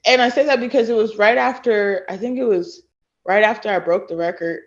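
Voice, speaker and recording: A woman in her late twenties from Texas, a podcast guest who tells stories in a lively way and acts out what others said. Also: mid-range voice, normal speed. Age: late 20s. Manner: animated storyteller who acts out quoted people. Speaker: guest, former college thrower. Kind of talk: casual podcast interview. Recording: dull lo-fi sound.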